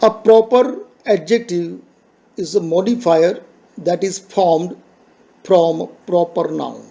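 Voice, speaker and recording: A man's voice: sits high, slow pace, vocal fry, mellow. A man teaching a grammar lesson, patiently repeating each point in simple phrases.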